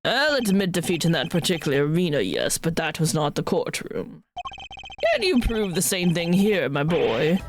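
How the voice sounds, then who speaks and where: A woman's voice: lowish voice, sing-song, moderate pace. Woman voicing a smug scheming old schemer. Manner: oily, mocking, theatrical. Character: smug scheming older man, defendant. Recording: stream with game music behind.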